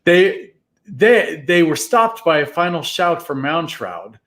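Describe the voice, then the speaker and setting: A man reading a storybook aloud in a live reading, with an expressive, dramatic delivery. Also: on the high side, slow pace.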